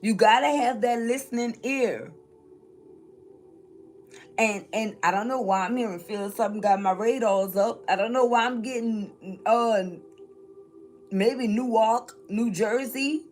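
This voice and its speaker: On her tarot live stream, this spiritual reader from New Orleans, Louisiana, talks casually and laughs a lot, speaking a little slowly in a voice on the high side over soft background music.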